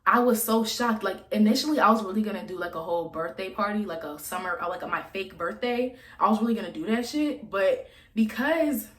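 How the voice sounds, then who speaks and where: A woman's voice: mid-range voice, brisk. A woman in her twenties telling a story to camera, blunt and profane, chatty and casual. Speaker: vlogger. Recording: echoey room.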